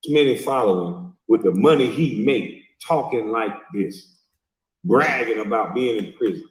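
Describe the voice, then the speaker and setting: A man's voice: medium pitch, a little mellow, far from the mic. A middle-aged man hosting a livestream, ranting and mocking in a profane, scolding way. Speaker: livestream host. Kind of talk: heated reaction rant. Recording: echoey, from off-mic.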